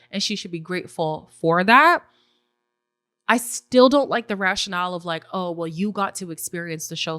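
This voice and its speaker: A woman's voice: on the low side, no echo. Opinionated woman recapping with dry sound. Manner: opinionated, animated, acts out quotes in voices. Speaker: podcast host recapping a reality show. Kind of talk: casual recap commentary.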